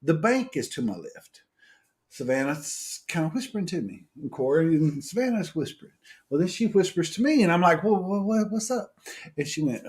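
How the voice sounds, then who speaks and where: A man's voice: sits high, fairly quick. A middle-aged man, co-hosting a casual live stream and telling stories with lots of laughter. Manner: animated storytelling, laughs often, folksy. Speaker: co-host.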